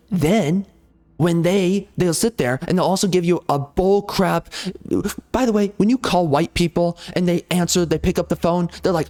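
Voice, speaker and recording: A man's voice: a little high, normal speed, darkish tone. A man ranting sarcastically and repetitively while commenting over gameplay. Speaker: gaming video host.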